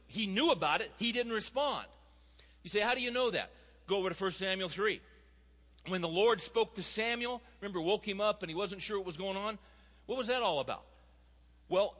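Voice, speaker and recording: A man's voice: high-pitched, bright, forceful tone, in a large hall. A man preaching a sermon with emphatic, fervent exhortation.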